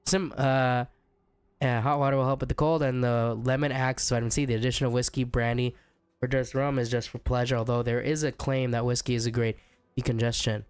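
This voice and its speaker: A young man streaming a game who is sick and sounds rough. He chats casually, reads chat aloud and jokes with viewers. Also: medium pitch, level tone, brisk, no echo. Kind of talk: casual chat while gaming.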